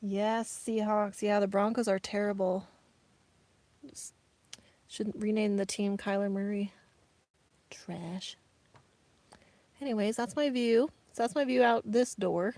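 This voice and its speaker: In a dry recording, a woman with a medium-pitched, darkish voice speaks unhurriedly with fairly even intonation. She's a vlogger chatting casually on a live stream from her minivan while camping off grid outdoors, reading viewer comments aloud and calling them "y'all."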